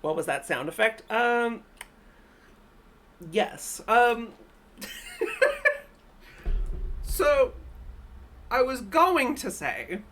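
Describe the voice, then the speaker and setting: A woman streamer giving casual reaction commentary in an animated way, laughing often and ranting in exasperation. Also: fairly high pitch, very slow, long pauses.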